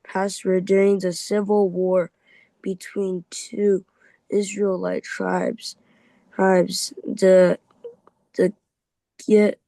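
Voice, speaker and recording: A man's voice: sits high, monotone, drawn-out words, vocal fry, long pauses, dark tone, no room sound, low-quality recording. A man reading aloud in a Bible class, stumbling over words and restarting often.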